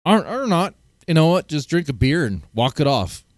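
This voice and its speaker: A man commenting on clips from a close desk mic, his voice bouncing around a lot in pitch. He jokes crudely and rambles, restarting his sentences. The sound is dry with no room around it. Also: very animated, moderate pace, dry recording. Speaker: streamer reacting to clips. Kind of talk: casual reaction commentary.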